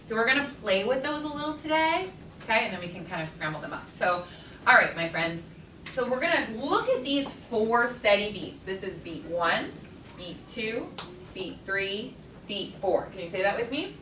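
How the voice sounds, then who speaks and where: A woman's voice: medium pitch, moderate pace. Woman teaching rhythm in an echoey classroom. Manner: energetic, rhythmic chanting of beats. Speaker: teaching artist. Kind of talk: classroom lesson. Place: school classroom. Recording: echoey classroom, far from the mic, noisy.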